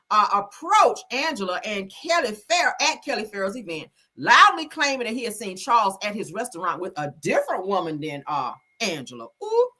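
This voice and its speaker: A woman hosting a celebrity gossip stream in casual, sassy commentary, swearing freely and acting out quotes. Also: mid-range voice. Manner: sassy, animated, acts out quotes in voices; swears freely, chatty slang.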